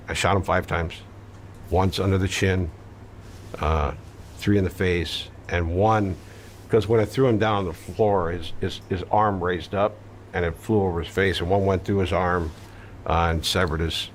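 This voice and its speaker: A man with a very deep, low voice tells his story in an interview. He is blunt and matter-of-fact, swears casually and pads his sentences with fillers. A faint hum of noise sits behind him. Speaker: interview guest recounting his past. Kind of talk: conversational storytelling.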